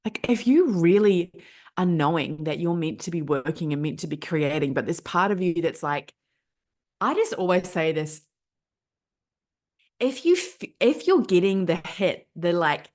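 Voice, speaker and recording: Emphatic New Zealand woman, low-pitched. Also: expressive, a little slow, darkish tone. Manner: emphatic, repetitive, swears freely. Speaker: podcast host. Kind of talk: casual motivational monologue.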